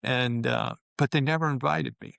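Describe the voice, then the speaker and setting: The guest is a man in his 70s who once played pro basketball. He has a medium-pitched voice with vocal fry and a moderate pace, and his story comes out candid, colorful and relaxed, peppered with fillers. The recording is dry and studio-clean.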